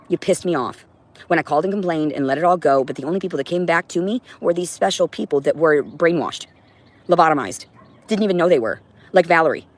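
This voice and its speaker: Woman ranting profanely on a livestream. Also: on the low side. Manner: preachy, addresses viewers directly. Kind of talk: livestream monologue.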